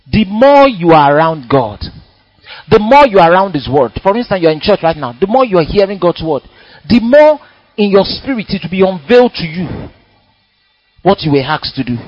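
A man preaching a sermon in a church, animated and dramatic, acting out little quotes as he goes. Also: sits high, normal speed, dry recording, lo-fi sound.

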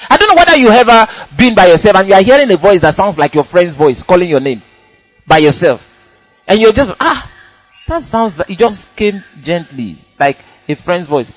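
A man preaching a sermon in a church, animated and dramatic, acting out little quotes as he goes. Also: sits high, no echo, low-quality recording.

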